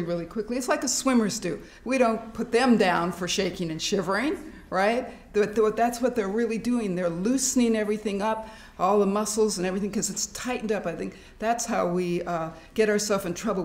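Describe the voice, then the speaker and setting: A middle-aged woman giving a workshop talk to a live audience, animated and laughing often as she acts out fearful thoughts. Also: mid-range voice. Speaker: workshop speaker. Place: hospital meeting room. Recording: echoey room.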